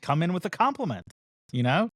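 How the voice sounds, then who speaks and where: A man's voice: a little high, brisk, dry recording. A man co-hosting a casual podcast, telling a long story and acting out the other people in it. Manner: animated storyteller who acts out the other people in his story. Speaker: podcast co-host. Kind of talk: casual chat.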